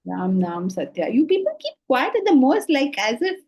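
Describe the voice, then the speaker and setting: A woman from India, teaching a spiritual class on scripture in an animated, questioning way. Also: sits high, moderate pace, poor audio. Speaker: Vedanta teacher.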